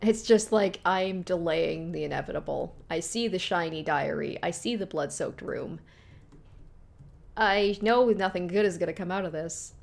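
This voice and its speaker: A woman's voice: on the low side, moderate pace, gravelly. A young woman streaming a horror game, jumpy and talking to herself as she plays. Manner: jumpy, talks to herself, reads text aloud. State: panicked while being chased. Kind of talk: horror game let's play commentary.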